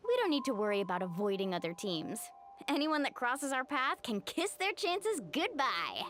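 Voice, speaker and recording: A woman's voice: high voice, sing-song, moderate pace, a bit bright, a little hiss or hum. A woman voicing a confident, eager young woman fighter who talks in a breezy, self-assured way. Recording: game audio with music.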